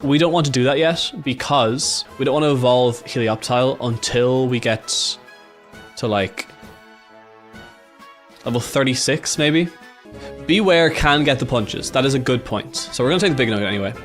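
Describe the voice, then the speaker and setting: An Irish man at a middling pitch talks through a video game run, excitable and quick to swear. He reacts out loud to every turn and thinks through his choices as he goes. Faint game music plays behind him. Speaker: gaming YouTuber. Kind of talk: casual gameplay commentary.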